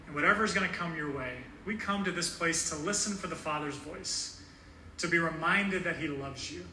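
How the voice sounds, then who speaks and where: Bright-voiced man preaching in an echoey church. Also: on the high side, slight background noise. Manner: earnest, conversational preaching with fillers. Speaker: pastor. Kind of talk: sermon. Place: church sanctuary. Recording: echoey room heard from a distance.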